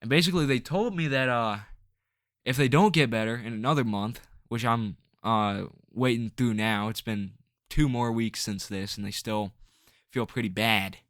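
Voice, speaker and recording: A man's voice: medium pitch, moderate pace, no room sound. Rambling, frustrated man ranting, dry sound. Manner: rambling and frustrated, full of "like" and restarts. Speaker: vlogger. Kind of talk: ranting to camera.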